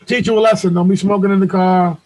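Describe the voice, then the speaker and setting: A man hosting a show over a video call, telling a story in a loud, profane, animated way. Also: sits high, quick pace, low-quality recording. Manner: loud, profane, animated retelling with acted quotes. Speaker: podcast host.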